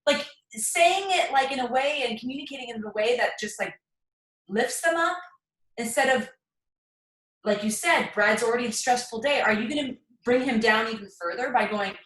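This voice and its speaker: A woman's voice: fairly high pitch, moderate pace, a bit bright, far from the mic. A woman co-host in casual chat, enthusiastic and gushing. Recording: echoey room from afar.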